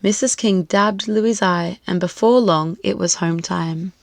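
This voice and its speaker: A woman reading a children's storybook aloud, clear, expressive and lilting. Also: on the low side, a little slow.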